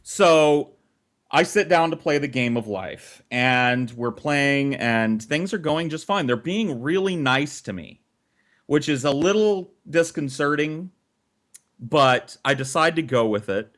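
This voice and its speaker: This man's voice sits on the high side and moves slowly as he co-hosts a podcast. His long, casual story is animated and full of profanity.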